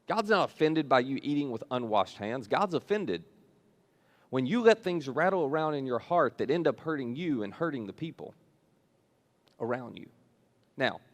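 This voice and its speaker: A man preaching a sermon as a church pastor, telling the scripture story in a casual, conversational way. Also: medium pitch. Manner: storytelling, retells scripture in casual modern paraphrase.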